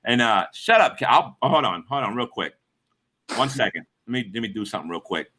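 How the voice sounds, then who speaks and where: A man's voice: medium pitch, lively intonation, fairly quick, bright, forceful tone, husky. A middle-aged man hosting a livestream, telling rambling, profane stories to his chat and acting out the voices of the people in them. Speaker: livestream host. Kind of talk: casual storytelling to a live chat.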